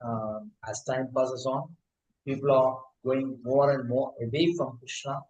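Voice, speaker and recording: A man giving a scripture lecture, pausing often with fillers and restarts. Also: medium pitch, fairly even intonation, a little mellow. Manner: halting, frequent fillers and restarts. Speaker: spiritual teacher. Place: temple hall. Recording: echoey hall.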